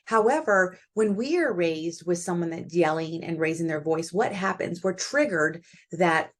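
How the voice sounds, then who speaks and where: A middle-aged woman with a fairly low-pitched voice hosts a solo parenting talk. She speaks conversationally and thinks aloud as she goes, with plenty of fillers. Her tone is reflective and unscripted. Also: moderate pace. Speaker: podcast host.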